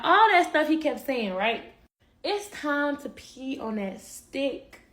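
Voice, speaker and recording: A young woman telling a personal story in casual vlog style, animated and acting out what people said. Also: sits high, slow. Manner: animated, acts out quotes, laughs. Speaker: vlogger.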